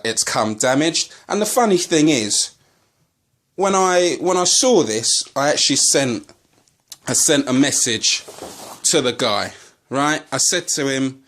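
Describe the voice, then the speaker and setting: Slow-talking man, swearing vlogger. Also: mid-range voice, fairly bright tone. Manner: slow, halting delivery that turns to angry, swearing ranting. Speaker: collector vlogger. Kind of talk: casual unboxing video.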